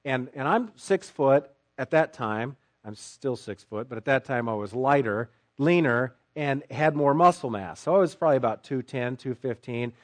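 A man preaching in a church sanctuary, telling a personal story and then building to forceful, emphatic points. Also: medium pitch, animated, normal speed, few pauses. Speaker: pastor.

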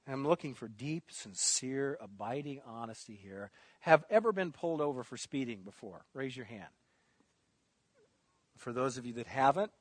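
Animated man preaching. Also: no room sound. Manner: animated preaching, booming emphasis on quoted words, drops to quiet asides. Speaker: pastor. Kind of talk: sermon.

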